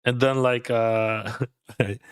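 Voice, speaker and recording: A man's voice: medium pitch, steady tone, takes it slowly, clean tone, no room sound, studio quality. Russian-accented man chatting while playing poker. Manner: laughs often, chatty, loose with grammar. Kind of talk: casual chat while playing online poker.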